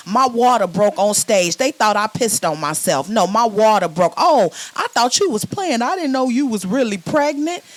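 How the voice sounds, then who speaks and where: Young woman doing a sassy, loud virtual stand-up set. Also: mid-range voice, dry recording. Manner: loud, sassy, repeats words when starting phrases. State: sweating. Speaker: stand-up comedian.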